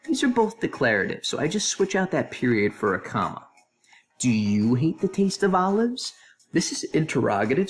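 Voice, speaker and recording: A male English teacher talks through a recorded grammar lesson in a voice-over, his pitch sitting in the middle and swinging up and down with lively energy. He speaks to students with animated, playful asides.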